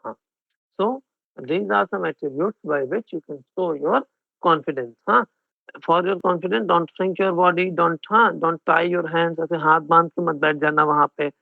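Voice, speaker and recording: Male Indian English tutor, raspy and high, mixes in Hindi, heard over a tinny, dry line. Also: fast, no echo. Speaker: exam coaching teacher. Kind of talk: online class lecture. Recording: phone-like narrow band, dry.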